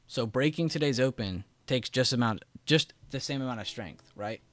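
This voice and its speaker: A man's voice: mid-range voice, brisk, few pauses, dry recording. A man hosting a live trading stream, giving casual market commentary and chatting with viewers in the chat. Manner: casual, chatty, laughs often, talks to chat directly. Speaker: trading livestream host.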